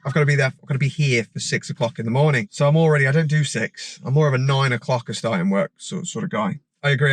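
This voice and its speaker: A man, a driving instructor, telling a story in a rambling, animated way with many restarts. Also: fairly high pitch, no room sound. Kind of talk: casual storytelling vlog. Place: outdoors by a parked car.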